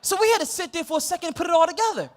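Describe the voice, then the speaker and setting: High-voiced animated preacher man. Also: racing. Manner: animated, laughing storyteller. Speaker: pastor. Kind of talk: sermon storytelling.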